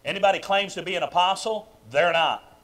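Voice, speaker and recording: A man preaching a sermon in a church sanctuary, emphatic and full of questions to the congregation, swinging between loud bursts and quiet asides. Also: sits high, fairly quick. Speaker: pastor. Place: church sanctuary during a live service.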